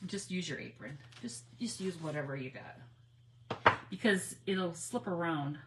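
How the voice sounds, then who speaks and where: A woman hosting a casual crafting livestream on her phone, chatty and giggly, nervously excited as she talks to viewers. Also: on the low side, a little slow, very noisy. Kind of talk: casual live crafting chat.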